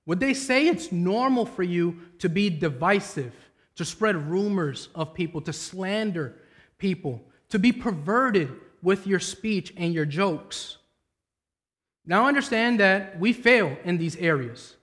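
Guy in his 30s preaching, pretty high voice, chatty storytelling sermon. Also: lively intonation, takes it slowly, fairly bright tone. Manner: conversational, storytelling preaching with personal anecdotes. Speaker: pastor.

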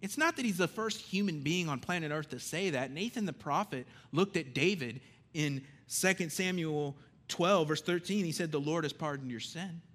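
Man, preacher, sermon, conversational, animated, slightly high voice. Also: moderate pace. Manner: animated, conversational, shifts between loud and hushed.

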